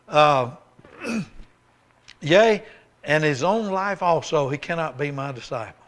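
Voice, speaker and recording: A man's voice: on the high side, animated, unhurried, fairly bright tone. A man giving a folksy, emphatic sermon testimony as a guest preacher, reading scripture aloud with rising force.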